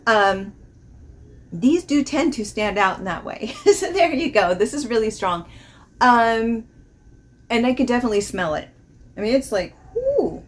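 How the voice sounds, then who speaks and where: A woman vlogging a casual fragrance review, chatty and rambling, laughing often as she describes the notes. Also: medium pitch. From not from the American South.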